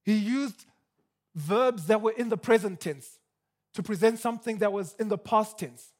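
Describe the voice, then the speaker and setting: A man preaching a sermon with animated emphasis, often repeating words as he builds his points. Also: sits high, moderate pace.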